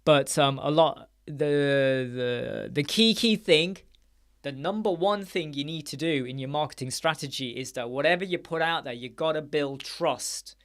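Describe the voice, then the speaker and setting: Male live-stream host, slightly higher voice, chatty and blunt, casual. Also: measured pace, a bit bright. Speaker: live-stream host answering chat questions. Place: home studio.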